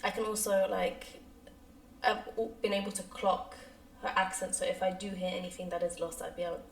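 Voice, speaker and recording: A woman's voice: medium pitch, fairly even intonation. Woman co-host, distant and echoey. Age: 20s. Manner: quick agreeing backchannels, presses her point with questions. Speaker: podcast co-host. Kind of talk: casual chat.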